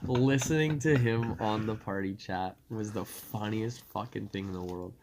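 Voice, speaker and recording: A man's voice: on the low side, normal speed, background noise. A young man on a podcast, telling stories casually, laughing and quoting friends in raised voices. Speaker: podcast co-host. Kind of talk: casual storytelling.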